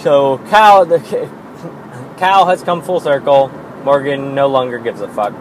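A man talks through a solo podcast in an unhurried, drawn-out way, rambling and poking fun at himself, with plenty of filler words. His voice sits at an ordinary pitch. A steady hiss of background noise runs under the recording. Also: poor audio. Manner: rambling, self-deprecating, with frequent fillers and swearing; slow and drawn-out. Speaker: podcast host. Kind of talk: casual solo podcast monologue.

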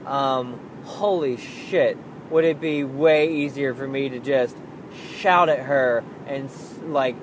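A man's voice: mid-range voice, steady tone, slow pace, a little hiss or hum, low-quality recording. A young man talking candidly about being a parent, swearing freely and acting out his own frustrated outbursts. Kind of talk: casual monologue.

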